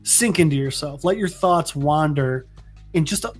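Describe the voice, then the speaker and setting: A man's voice: a little high, expressive, normal speed, breathy edge, faint music behind. A man voicing a hesitant, earnest young female medical student who rambles.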